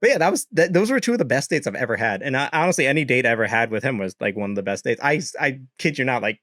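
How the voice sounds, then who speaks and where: A man's voice: medium pitch, expressive, very fast, fairly bright tone, no room sound, studio quality. A young man casually telling dating stories to a live chat, laughing often, swearing and acting out quotes. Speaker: streamer.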